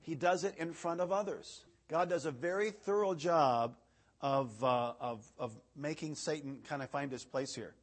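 A man's voice: a little high, normal speed. A man preaching a casual, filler-filled sermon, reading scripture aloud with rising emphasis. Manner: chatty, filler-heavy, rises loud when reading verses. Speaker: evangelist preacher.

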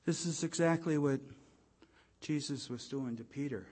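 A man preaching a sermon, telling a story and checking in with his listeners, growing louder at dramatic moments. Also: on the high side. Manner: storytelling, repeats "okay?" to the audience; slow and deliberate, swelling louder at dramatic moments.

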